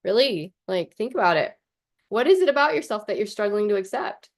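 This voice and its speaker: A woman's voice: medium pitch, animated, a little fast. A woman coach talking straight to camera in a casual vlog, chatty and passionate, blunt, swearing and saying "like" a lot. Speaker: life coach.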